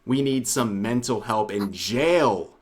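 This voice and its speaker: A man narrates a scripted commentary video in an even, mid-pitched voice. He drops sardonic, wry asides between points. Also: slow, slightly rough.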